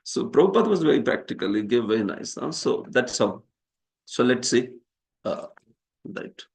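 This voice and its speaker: Indian man teaching with lively asides. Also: medium pitch, moderate pace, vocal fry. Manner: lively, asks "huh?" often, laughs at his own jokes. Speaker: scripture teacher. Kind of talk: classroom lecture with questions.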